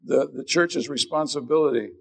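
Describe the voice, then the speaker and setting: Gravelly, husky male preacher. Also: fairly high pitch, moderate pace. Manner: earnest, self-deprecating, conversational preaching. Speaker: pastor. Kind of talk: sermon.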